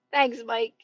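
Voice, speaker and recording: A woman coaching viewers in a casual live-stream chat, talking loudly and emphatically in a reassuring way. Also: on the high side, slightly rough, no room sound, highs cut off. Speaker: manifestation coach. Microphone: phone.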